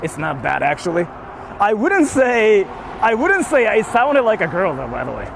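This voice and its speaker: A man's voice: sits high, very animated, moderate pace, gravelly, background noise. A young man chatting casually on a stream from a car, reading donations, playful and sweary.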